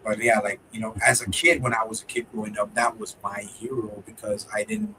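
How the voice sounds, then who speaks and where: A man in casual chat, relaxed and heartfelt, who keeps calling his partner bro. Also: on the low side, fairly quick, recorded from a distance, slight background noise, rough recording. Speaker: co-host of a film discussion video.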